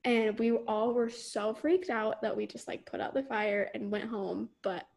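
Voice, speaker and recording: Animated young woman telling a story. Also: a little high, measured pace, creaky. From Las Vegas, United States. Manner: animated, laughs often, acts out quoted voices. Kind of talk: casual storytelling chat.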